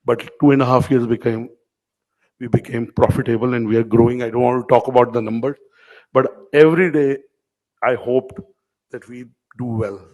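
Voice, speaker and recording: A man's voice: mid-range voice, steady tone, normal speed, darkish tone, rough recording. A middle-aged man giving an informal keynote speech to award winners, telling anecdotes and calling on audience members by name. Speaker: media company owner addressing award winners. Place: event hall.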